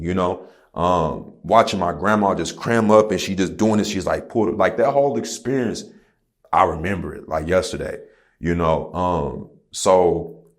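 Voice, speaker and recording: Deep-voiced man telling his story candidly. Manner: candid, profane storytelling with slang like "bro" and "you feel me". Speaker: podcast guest, rapper. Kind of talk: casual conversation.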